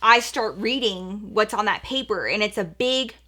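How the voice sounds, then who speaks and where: Bright, chatty young woman vlogger. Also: medium pitch, normal speed. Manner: chatty, animated retelling with lots of filler "like"; acts out quoted voices of her mom. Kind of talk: storytime vlog.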